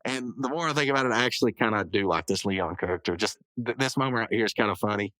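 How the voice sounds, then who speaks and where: A man's voice: on the low side, fast, pushed and bright, no room sound, low-quality recording. A man hosting a podcast, casually recapping a cartoon episode in a rambling way and often correcting himself. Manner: rambling, self-correcting, full of hedges and asides. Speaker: podcast host.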